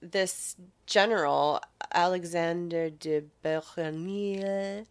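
A woman's voice: fairly low pitch, fairly even intonation, takes it slowly, clear, resonant tone. A woman casually retelling a story, laughing often, swearing and acting out quotes.

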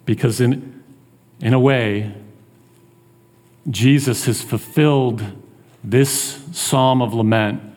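A man's voice: mid-range voice, slow pace, long pauses, darkish tone. A man preaching a sermon in an earnest, conversational way, with plenty of restarts. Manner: earnest, conversational, acts out taunts in a raised voice.

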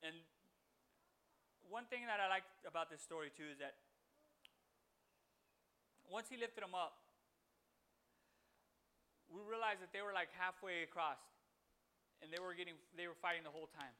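A man gives an informal devotional talk for his podcast, his voice sitting high and sounding bright and forceful. He rambles and restarts often, and he breaks into animated bits where he acts out what people say. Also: moderate pace, pauses often, clean tone. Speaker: podcast host giving a devotional.

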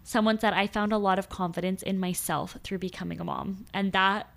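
A young adult woman co-hosting a relaxed podcast conversation. She tells personal stories in an earnest, heartfelt way, at an everyday middle pitch. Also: fairly quick, gravelly. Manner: warm, earnest storytelling. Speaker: podcast co-host. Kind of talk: casual chat.

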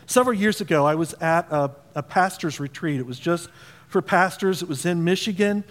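A man's voice: high-pitched, fairly quick, in a large hall. A man preaching a sermon as pastor, talking conversationally and asking the congregation questions. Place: church auditorium.

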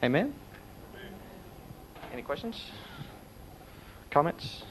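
A man's voice: a little high, slow pace, background noise. A middle-aged man preaching a sermon, telling stories and acting out the voices he quotes. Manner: animated storytelling, acts out quotes.

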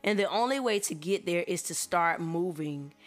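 A woman telling a personal faith testimony in an animated, colloquial storytelling manner. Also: on the low side, moderate pace, soft background music. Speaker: church member giving a testimony.

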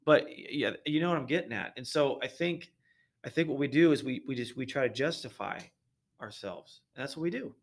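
A man talking earnestly about faith in a relaxed podcast conversation, often repeating words as he thinks. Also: mid-range voice, fairly quick. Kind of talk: casual religious discussion.

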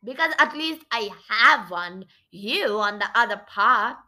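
A woman's voice: fairly high pitch, animated, measured pace, sharp tone, exaggerated voice. A woman reading aloud, voicing a snappish old male mouse scientist. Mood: defiant. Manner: defiant, snappish.

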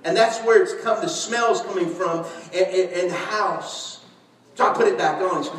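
Animated pastor, echoey hall. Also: male voice, high voice, normal speed. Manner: animated storyteller, shouts and laughs, acts out quotes. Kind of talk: sermon. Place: large church hall. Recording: echoey church hall, distant mic.

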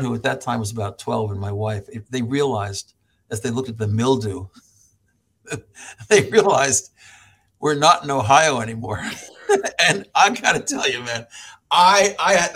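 A middle-aged American man, a professor, telling stories as a podcast guest, animated, laughing often and acting out other people's voices. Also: mid-range voice, moderate pace, husky. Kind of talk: storytelling in an interview.

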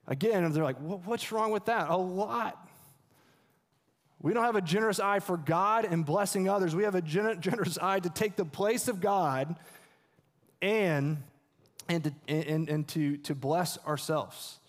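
A man with a high voice preaches a sermon in a church, his words ringing out with a long reverb. He talks in earnest and repeats himself, with restarts and rhetorical questions to the congregation. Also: measured pace. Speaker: pastor. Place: church sanctuary.

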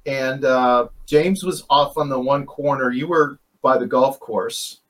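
A man's voice: mid-range voice, unhurried, fairly bright tone. Rambling man telling ghost-hunt stories. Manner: rambling, self-correcting, chuckles. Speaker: paranormal investigator guest. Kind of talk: casual storytelling.

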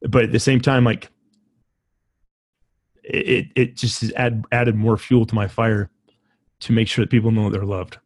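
A low-voiced man hosting a podcast speaks from the heart, haltingly and with feeling. His voice stays fairly flat, and the sound is dry and close. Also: no room sound. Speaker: podcast host. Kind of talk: casual conversation.

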